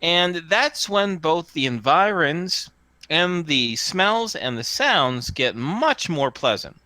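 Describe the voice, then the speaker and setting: A man's voice: a little high, big pitch swings, slow pace, pushed and bright, no echo. A man narrating as game master of a tabletop role-playing game, describing scenes with many fillers and restarts.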